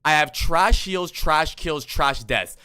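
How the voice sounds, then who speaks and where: A whiny, defensive young gamer, as a man puts him on in mockery, pitched up and pushed loud. The tone is sharp and bright, every line sounding slightly aggrieved. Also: animated, takes it slowly, clear, resonant tone, dry recording, full character voice. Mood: mocking.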